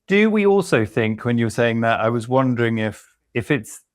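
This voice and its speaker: Relaxed man hosting a podcast. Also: medium pitch, normal speed, dry recording, studio quality. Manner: relaxed, frequent short agreeing replies. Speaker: podcast host. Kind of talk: casual chat.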